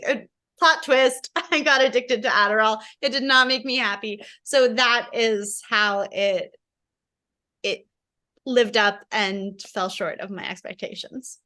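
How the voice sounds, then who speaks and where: A woman with a fairly high voice talks over a video call as a guest author. She muses reflectively, often reaching for "like", and breaks into laughter easily. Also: sharp tone. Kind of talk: casual conversation.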